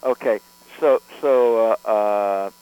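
Low-voiced rambling male record producer. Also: slow, clean tone, lo-fi sound. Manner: rambling, with frequent restarts and fillers. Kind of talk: conversational storytelling interview.

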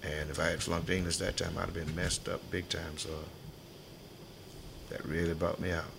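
An older man remembers his school days for an oral history interview. His voice sits very low and gravelly, and he laughs easily while acting out the people in his stories. A faint background hiss runs under the recording. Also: little pitch movement, moderate pace. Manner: folksy storyteller, laughs often, acts out voices in his stories.

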